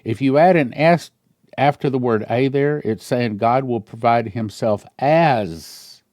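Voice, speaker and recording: A man's voice: medium pitch, a little slow, darkish tone, no echo, studio quality. A man pastor retelling a scripture story in a sermon, with emphatic repetition.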